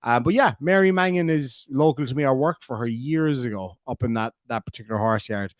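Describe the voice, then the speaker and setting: A man's voice: medium pitch, a little fast, dry recording, clean studio sound. A man with an Irish accent hosting a casual livestream, reading viewer comments aloud and rambling with lots of fillers. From Ireland. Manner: rambling, chatty, many fillers. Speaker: livestream host.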